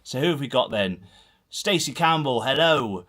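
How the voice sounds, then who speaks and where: A man's voice: mid-range voice, animated, normal speed, a bit bright. Male host in his thirties with a Herefordshire and Gloucestershire accent, chatty and rambling, streaming from a small home room. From Herefordshire, England. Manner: rambling, chatty, self-deprecating. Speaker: host of a football channel livestream. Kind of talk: casual solo livestream chat, reading comments. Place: small dark home room full of football shirts.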